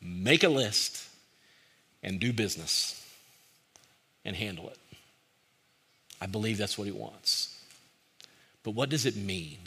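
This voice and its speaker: Male pastor, sermon delivery, bright lowish voice, earnest with forceful peaks and hushed pleading. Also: expressive, slow pace, gravelly, pauses often, breathy edge. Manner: earnest, rising to forceful emphasis, dropping to hushed pleading in quotes.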